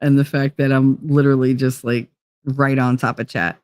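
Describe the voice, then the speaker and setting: A woman's voice: extremely low pitch, flat delivery, normal speed, darkish tone, no room sound, studio quality. A woman with a New Jersey accent, tired from lack of sleep, chatting casually and profanely with her live chat and drifting off topic. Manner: rambling, profane, easily sidetracked. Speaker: livestream host.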